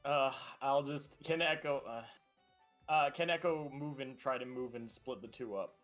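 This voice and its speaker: A man's voice: medium pitch, unhurried, fairly bright tone, faint music behind. A man playing a tabletop game, asking hesitant questions. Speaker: player. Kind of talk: casual tabletop play.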